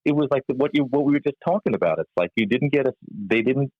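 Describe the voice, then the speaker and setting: A man, a comedian and musician, telling a backstage anecdote in a podcast interview with laughs and halting restarts. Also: medium pitch. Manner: animated storyteller, laughs often, halting restarts. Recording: dull, lo-fi, dry sound.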